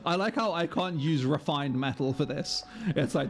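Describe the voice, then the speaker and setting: A man's voice: fairly high pitch, moderate pace, faint music behind. A man streaming a game live, joking, swearing freely and laughing often. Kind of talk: live gameplay commentary.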